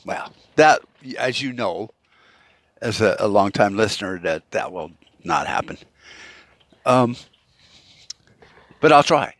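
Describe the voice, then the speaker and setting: A man's voice: on the low side, expressive, takes it slowly, long pauses, a bit bright, no echo. A man hosting a solo podcast rant, profane and rambling, full of fillers and restarts. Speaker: podcast host.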